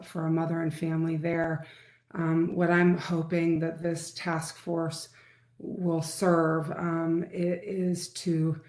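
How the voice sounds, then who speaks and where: A woman clinician giving an earnest, halting introduction at a task force meeting. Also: deep voice, vocal fry, darkish tone. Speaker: perinatal mental health clinician. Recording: echoey meeting room.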